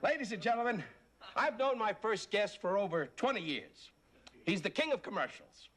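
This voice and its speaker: A man's voice: high voice, expressive, normal speed. An actor playing a brash male late-night talk show host who mocks his sidekick and guests in a sitcom. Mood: mocking. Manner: mocking, brash, insulting. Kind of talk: sitcom acting. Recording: sitcom audio with loud audience laughter and noise.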